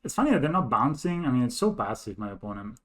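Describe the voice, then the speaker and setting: A man's voice: mid-range voice, fast. A man streaming a card game, thinking aloud as he counts plays and muttering to himself. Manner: thinks aloud, counting and muttering, bursts into excited laughing disbelief. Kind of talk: live gameplay commentary.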